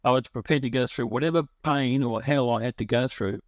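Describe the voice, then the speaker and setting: Middle-aged man, emotional and rambling storyteller, average pitch, dry close recording. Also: a little fast, dry recording. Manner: rambling, emotional, frequent restarts. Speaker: guest sharing his recovery story. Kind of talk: personal storytelling.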